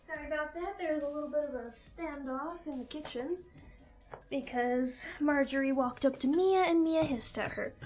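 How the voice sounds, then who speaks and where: A woman with a high, light voice hosts a live stream in an easy, rambling chat. She drops casual swears and keeps talking as she goes along. Soft music runs quietly behind her. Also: normal speed, low-quality recording.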